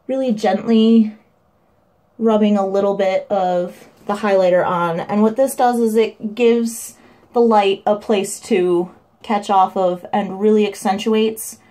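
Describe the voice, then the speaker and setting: Young woman chatting through her makeup routine at home, relaxed tutorial talk. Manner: chatty, breaks into high sing-song baby talk. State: winded from running up stairs. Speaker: makeup vlogger.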